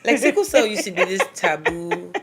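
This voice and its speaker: A woman's voice: on the low side, lively intonation, moderate pace, fairly bright tone, breathy edge. A woman hosting a podcast interview, affirming her guest with frequent murmured agreement. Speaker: podcast host. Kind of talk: conversational interview.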